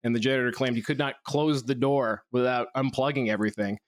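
A man's voice: mid-range voice, fairly even intonation, a little fast, no echo, studio quality. A man from Canada co-hosting a casual podcast chat, telling stories in a rambling, self-deprecating way. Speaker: show co-host.

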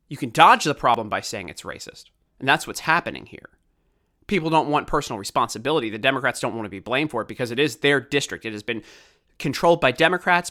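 Heated, bright-voiced male commentator. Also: fairly high pitch. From Baltimore, USA. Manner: heated, ranting, sarcastic. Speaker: podcast host. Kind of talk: opinionated political commentary.

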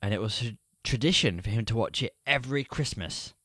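A man's voice: fairly low pitch, fairly quick, sharp tone, no echo, clean studio sound. A man co-hosting a podcast, chatting casually in a wry, teasing way and reading a story aloud. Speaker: podcast co-host. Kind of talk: casual chat.

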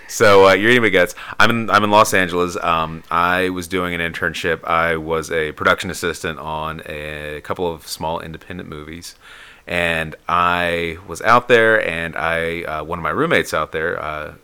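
A man's voice: normal speed, clean tone. A man casually telling a long personal story on a podcast, acting out the people he quotes. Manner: animated storyteller, acts out quotes in a high voice.

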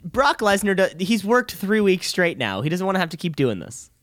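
Lively, higher-voiced man asking eager questions. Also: moderate pace, dry recording. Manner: eager, asks lots of questions, repeats phrases. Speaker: podcast co-host. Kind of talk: casual chat about wrestling.

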